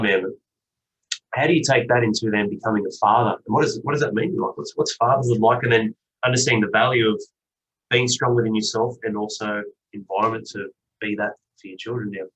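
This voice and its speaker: A man's voice: lowish voice, fairly even intonation, a little fast, a bit bright, low-quality recording. A man hosting a podcast, asking questions in a casual, affirming way. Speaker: podcast host. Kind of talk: interview questions, casual chat.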